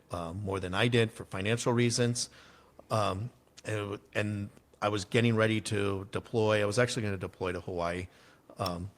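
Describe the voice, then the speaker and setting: A man who is a guest on a podcast and a former army officer, telling stories in an animated way and swearing casually. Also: on the low side. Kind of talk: casual interview storytelling.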